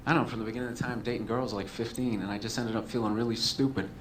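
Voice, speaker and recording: A man's voice: lowish voice, steady tone, racing, a little hiss or hum. A male comedian telling a long story as a talk show guest. He rambles, swears freely and mocks himself. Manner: profane, rambling, self-mocking.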